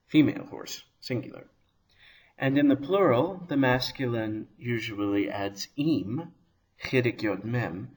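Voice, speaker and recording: A man teaching a Hebrew grammar lesson, explaining slowly and carefully and pronouncing words deliberately. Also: on the low side. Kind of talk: scripted lesson narration.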